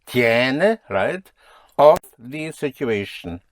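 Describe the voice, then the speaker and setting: A man's voice: mid-range voice, lively intonation, a little slow, dry recording, studio quality. Man teaching a language lesson. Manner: patient, drilling students with questions.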